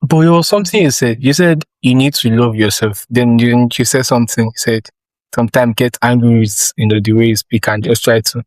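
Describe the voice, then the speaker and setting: A man's voice: mid-range voice, brisk, dry recording, rough recording. Nigerian man hosting, dry close sound. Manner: rambling, animated questions with frequent restarts. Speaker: podcast host. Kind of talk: casual interview chat.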